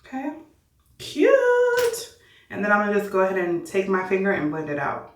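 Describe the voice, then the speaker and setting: A woman's voice: mid-range voice, racing, recorded from a distance, a little hiss or hum. A woman of thirty chatting casually through a makeup tutorial, bubbly and self-hyping as she talks to her viewers. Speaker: beauty vlogger. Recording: roomy echo, a bit off-mic.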